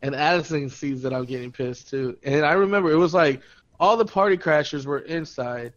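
Young man, profane storyteller, fairly high voice, dull lo-fi audio. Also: a little fast. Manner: profane, laughing, animated retelling with quoted voices. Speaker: podcast co-host. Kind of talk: casual storytelling chat.

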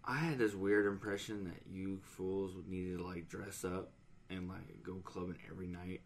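A man's voice: sits low, steady tone, moderate pace, vocal fry, a little hiss or hum. A young man co-hosting a podcast, chatting casually and making dry, mock-serious jokes. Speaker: podcast co-host. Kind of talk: casual chat.

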